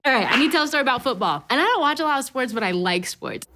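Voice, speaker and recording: A young woman giving a casual youth talk, telling animated stories, laughing often and peppering her speech with "like" and "right?". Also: sits high, rapid-fire, very noisy. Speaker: youth ministry speaker.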